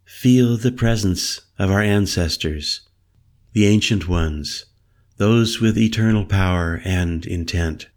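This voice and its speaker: A man reading a story aloud, voicing a mysterious, teasing woman shaman in a soft, playful voice. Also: sits low, slow pace. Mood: musing. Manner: soft, playful, a little mystical.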